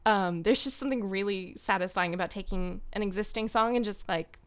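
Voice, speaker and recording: Woman streamer rambling, lots of giggles and ums, medium pitched. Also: a little fast. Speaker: streamer and voice actor. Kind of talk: casual live-stream chat.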